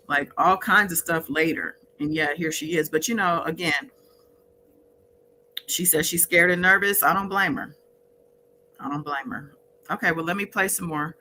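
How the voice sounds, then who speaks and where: A woman's voice: lowish voice, sharp tone, a little hiss or hum, low-quality recording. A woman hosting a casual livestream, chatting with viewers in the chat by name. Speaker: livestream host.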